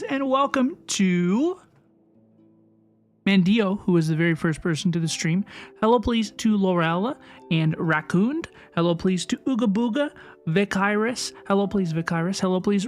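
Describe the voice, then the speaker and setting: A live streamer chatting casually and excitedly with viewers, greeting each by name with a repeated catchphrase. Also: medium pitch. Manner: upbeat, excitable, repeats "hello, please" to greet chat.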